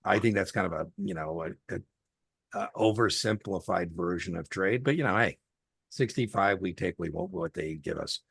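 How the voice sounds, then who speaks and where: A middle-aged man with a low, gravelly, slightly husky voice tutors a student one-on-one over a video call. He talks in a chatty, folksy way, full of anecdotes and fillers. The sound is dry and close. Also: expressive, moderate pace, fairly bright tone, no echo. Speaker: exam tutor.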